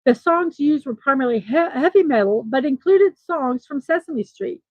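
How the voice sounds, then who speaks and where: A woman's voice: high-pitched, lively intonation, moderate pace, a little mellow, dry recording, highs cut off. A woman hosting a daily morning show, reading birthday and trivia notes aloud with small personal asides between items.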